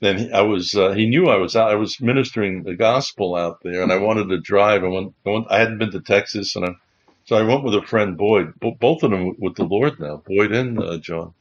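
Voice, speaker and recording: A man hosting a Bible livestream as a chaplain, telling rambling stories with many restarts. His voice sits low and comes out husky. The audio is dull and lo-fi. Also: brisk. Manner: rambling, restarts, chuckling as he recalls. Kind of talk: casual anecdotal storytelling.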